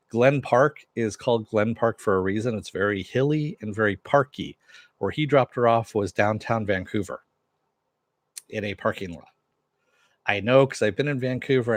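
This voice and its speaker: A man's voice: lowish voice, dry recording. A man hosting a casual TV recap and review, blunt and rambling, with many restarts and fillers, answering live chat while wearing headphones. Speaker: show host.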